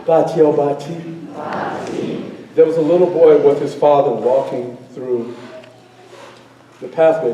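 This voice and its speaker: A man storyteller telling a tale live to an audience in a school auditorium, animated and playful, drawing the crowd in with call and response. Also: a little high, muffled recording, a little hiss or hum. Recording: very echoey hall from far off.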